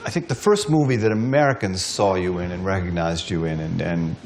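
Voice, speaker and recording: A man's voice: low-pitched, a little fast, darkish tone, a little hiss or hum. A man interviewing a guest, asking questions hesitantly with many restarts.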